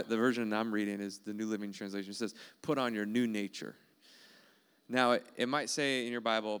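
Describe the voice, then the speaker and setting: A man's voice: on the low side, fairly bright tone, clear, resonant tone. A man preaching a sermon in an earnest, emphatic way, repeating key phrases. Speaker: pastor.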